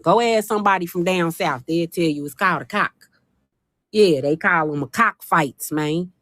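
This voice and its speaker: Woman, livestream host, casual chat, animated, folksy, teasing, phone mic, dry sound. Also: on the low side, normal speed, no room sound.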